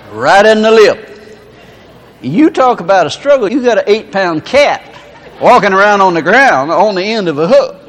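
Folksy man preaching with lively pitch. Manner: folksy, laughing storyteller. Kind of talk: storytelling sermon. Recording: reverberant hall.

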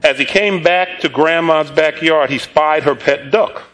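A man's voice: fairly high pitch, a little slow, a bit bright, low-quality recording. A middle-aged man preaching a sermon, telling a story and often laughing as he talks, with repeated words and restarts. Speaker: pastor.

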